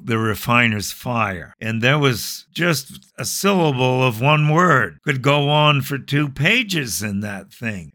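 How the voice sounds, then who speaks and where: A man's voice: medium pitch, pushed and bright, no room sound, studio quality. Older male pastor preaching conversationally. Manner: conversational preaching with rhetorical questions. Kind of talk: sermon.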